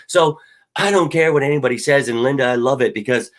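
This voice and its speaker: A man hosting a live fan show in casual chat, hyped and profane, his voice a little worn from shouting at a game. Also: medium pitch, quick pace. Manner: hyped, rowdy and profane, swings loud. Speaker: sports fan show host.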